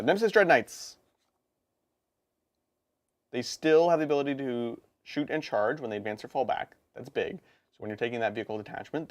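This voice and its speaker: A man co-hosting a live stream, chatting casually and quickly about tabletop game rules, with laughs and quick asides. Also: medium pitch. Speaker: co-host of a tabletop gaming stream.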